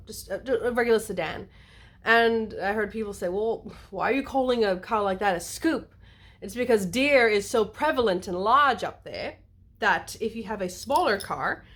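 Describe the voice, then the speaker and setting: A woman vlogging a casual monologue to camera, playful and animated, wandering into asides and acting out little quotes. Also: fairly high pitch. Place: lives in the United States.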